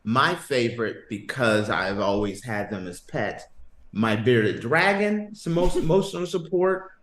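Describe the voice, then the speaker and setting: Animated joking male podcast host. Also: medium pitch, unhurried, echoey room. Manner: animated, joking, emphatic rants. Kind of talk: casual podcast banter.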